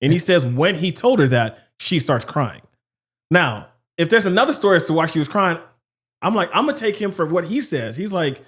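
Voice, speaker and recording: Animated man in casual podcast chat. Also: a little fast, breathy edge. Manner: animated, acts out quotes with shifting pitch. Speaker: podcast co-host.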